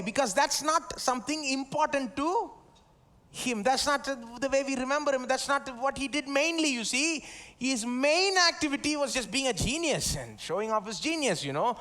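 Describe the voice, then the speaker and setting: A pastor with an Indian English accent and a notably high, slightly bright voice preaches a live sermon during a church service. His style is loose and conversational, full of tag questions, and he has the congregation repeat his words back to him.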